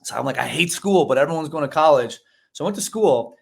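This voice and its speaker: Talking fast in a slightly high, creaky and somewhat rough voice, a Chicago man in his forties recounts his story as a podcast guest. The casual interview happens over video call, and he brings it to life by acting out voices and saying "bro" and "man."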